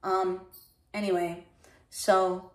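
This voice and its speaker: A woman streamer telling a story in a casual, animated way, swearing often and acting out how she reacted back then. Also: lowish voice, extremely slow. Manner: animated, swears often, acts out her own past reactions.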